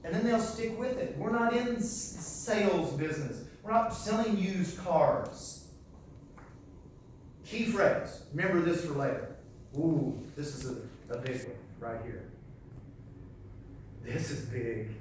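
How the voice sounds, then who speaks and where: A man's voice: sits high, far from the mic, a little hiss or hum. Folksy male sales trainer in an echoey hall. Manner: folksy, animated, repeats key phrases. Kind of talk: live seminar teaching.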